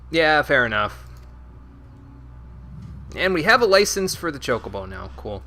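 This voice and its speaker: A man's voice: fairly high pitch, sing-song, measured pace, sharp tone. A young man streaming a video game, chatting casually and mumbling to himself as he plays. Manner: mumbles to himself, chuckles often. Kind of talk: casual gameplay commentary.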